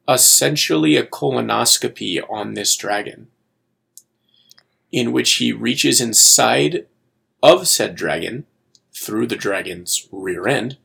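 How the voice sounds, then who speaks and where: A man's voice: mid-range voice, vocal fry, a bit bright, breathy edge. A man co-hosting a podcast, giving a wry, exasperated movie review in casual chat. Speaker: podcast co-host.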